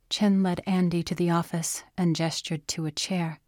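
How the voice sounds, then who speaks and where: A woman narrating an audiobook in a soft, often whispery delivery. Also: sits low, level tone, unhurried, hardly any pauses, dry recording, studio quality.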